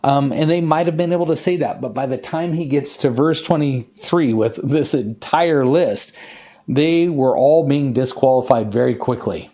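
A male pastor delivers an expository sermon in an earnest, emphatic way. His voice is warm and mellow at a mid pitch. He slows down and leans into the scripture passages he reads. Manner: earnest, emphatic preaching with slowed, stressed scripture reading.

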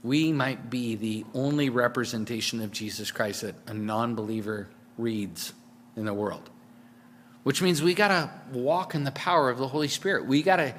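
A man preaching to his church in a relaxed, talky way, with fillers and restarts along the way. His voice sits at an ordinary middle pitch. A long reverb from the sanctuary trails behind his words. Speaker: pastor. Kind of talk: sermon.

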